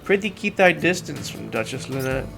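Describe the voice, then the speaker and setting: A streamer reading out the lines of a solemn courtly game character who speaks in old-fashioned, formal English, in a grave and measured way. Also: mid-range voice, lively intonation, gravelly, music in the background. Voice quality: archaic, formal phrasing. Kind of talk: reading game dialogue aloud.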